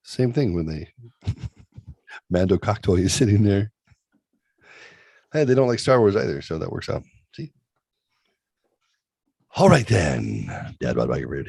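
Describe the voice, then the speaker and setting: A man's voice: deep voice, big pitch swings, unhurried, vocal fry, pauses often, a little mellow, breathy edge, no echo. A middle-aged man hosting a casual talk show, rambling and joking crudely about his kids and streaming. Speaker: podcast host. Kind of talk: casual chat.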